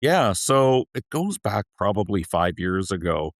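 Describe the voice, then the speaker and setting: A man's voice: lowish voice, big pitch swings, a little slow, no echo. A man guest on a podcast, chatting in an earnest, upbeat way with frequent restarts. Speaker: podcast guest, payroll leader. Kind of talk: casual interview chat.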